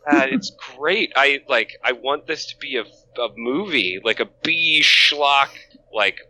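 A man co-hosting a podcast in casual chat, gushing and excitable, swearing casually. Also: mid-range voice, unhurried, rough recording. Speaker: podcast co-host.

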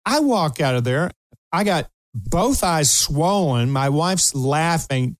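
A man's voice: on the high side, slow pace, no echo. An older man from Kentucky who hosts a talk show, telling a funny story with lots of laughter and acted-out voices. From Kentucky, USA. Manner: animated storyteller, laughs often, acts out quoted voices. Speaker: host.

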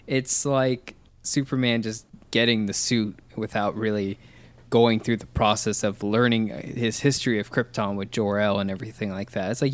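A man chatting casually about a film, thoughtful and explanatory. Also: on the low side. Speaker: podcast co-host discussing a film. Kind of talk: casual chat.

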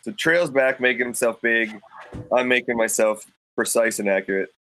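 Speaking at normal speed in a bright, pushed mid-range voice, a man recounts a hunting tale as a podcast guest. He chats casually but acts out quoted thoughts loudly into a studio microphone, and the recording is low quality.

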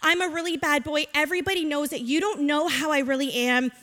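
A woman voicing a tearful, remorseful young boy in a soft, pleading voice while retelling a story at church. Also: sits high, fairly even intonation, brisk. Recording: reverberant church hall.

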